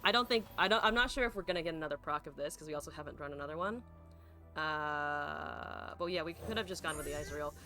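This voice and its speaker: Woman streamer, lowish pitch and a forceful edge, casual play-by-play talk to chat. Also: fast, soft background music. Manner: thinks aloud, swears, talks to chat. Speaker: card game streamer. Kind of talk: live gameplay commentary.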